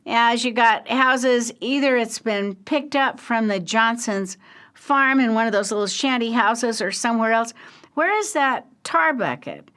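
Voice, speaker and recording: An older woman telling a history story as a lecture, with frequent pauses, fillers and conversational asides. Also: a little high, fairly bright tone, clean tone. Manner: slow, halting, with many fillers and asides.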